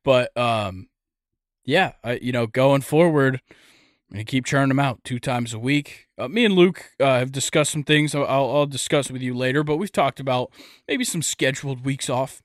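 A man's voice: mid-range voice, normal speed, no echo, clean studio sound. A young man hosting a casual sports podcast, rambling and joking with lots of fillers. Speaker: podcast host.

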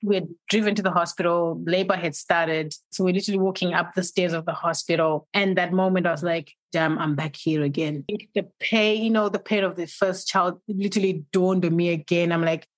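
Animated woman telling stories. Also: fairly low pitch, brisk, few pauses, dry recording. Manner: animated storyteller, acts out her own inner voice. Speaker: host. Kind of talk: casual chat.

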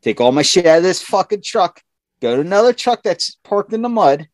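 A man's voice: sits high, a little fast, no room sound. A man in casual chat, telling a profane work story and acting out the people in it. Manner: profane, animated storytelling, acts out quotes in raised voices.

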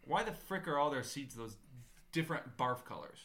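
A man's voice: mid-range voice, big pitch swings, normal speed, pushed and bright. A man co-hosting a sports podcast, joking around in casual chat and reading out news. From not from Utah. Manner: joking, puts on mock accents. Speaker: podcast co-host.

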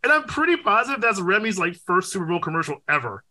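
A young man co-hosting a podcast in casual chat, animated and profane, with loud exclaims. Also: high-pitched, fast. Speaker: podcast co-host.

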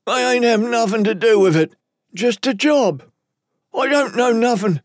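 Um homem fazendo um capanga jovem, agudo e apavorado. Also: male voice, very high voice, unhurried, no room sound, clean studio sound, pitched above the performer's own voice. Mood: scared pleading. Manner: pleading, stammering, rough talk. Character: frightened young male hired thug.

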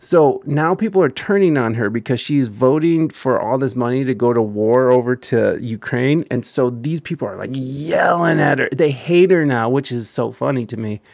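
A man's voice: mid-range voice, moderate pace, vocal fry, hardly any pauses, darkish tone, dry recording, clean studio sound. A man hosting a stream, reacting to clips with crude, profane, rambling commentary and frequent laughter. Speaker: streamer host. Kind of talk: casual reaction chat.

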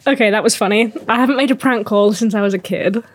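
A woman's voice: medium pitch, fast talker, dry recording, studio quality. A woman co-hosting a podcast, chatting casually and telling a story with frequent laughter. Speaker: podcast co-host. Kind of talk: casual chat.

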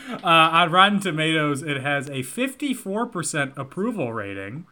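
A man with a bright, forceful voice set a little high for a man, co-hosting a chatty podcast. He reads through cast lists and box office numbers in a playful, joking way. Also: sing-song, moderate pace. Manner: reads out film facts in a listing, playful tone. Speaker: podcast co-host. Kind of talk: casual chat.

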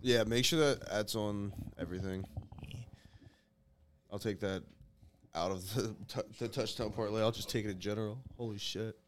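Low-voiced guy cracking puns on a sports podcast. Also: steady tone, a little hiss or hum. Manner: jokey, quick with puns. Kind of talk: casual sports chat.

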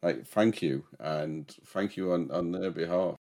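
A man with a South Yorkshire accent chats as a podcast guest over a remote call. His voice sits very low, and he mumbles and restarts words as he goes. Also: a little slow, a little mellow. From South Yorkshire, England. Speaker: podcast guest and host of his own show. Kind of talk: casual remote podcast chat.

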